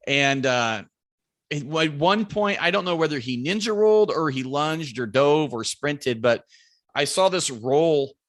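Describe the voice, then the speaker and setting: A man, a podcast guest, telling a lively hunting story and acting out what everyone said, swearing freely. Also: a little high, a little slow.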